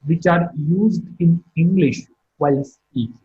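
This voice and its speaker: A middle-aged man giving a recorded phonetics lecture, speaking in a slow, deliberate teaching manner and carefully modeling example sentences. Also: on the high side, warm tone, lo-fi sound, slight background noise. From India.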